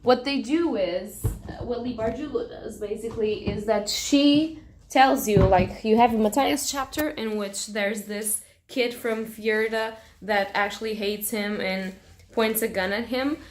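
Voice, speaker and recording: A woman's voice: fairly high pitch, unhurried, a little hiss or hum. A young woman book vlogger in a casual, emotional reaction vlog, gushing and swearing freely.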